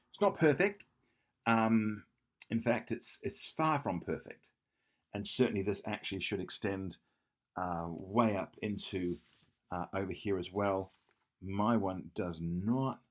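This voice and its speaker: A man tutoring math, walking through an exam question while he draws, thinking aloud, correcting himself and checking in with "yeah?". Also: fairly low pitch. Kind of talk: whiteboard exam walkthrough.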